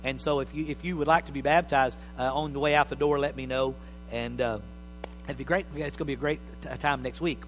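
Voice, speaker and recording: A man preaching a sermon as pastor, emphatic, swinging between loud and soft. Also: medium pitch, fairly even intonation, a little fast, faint music behind. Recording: reverberant hall with faint mains hum.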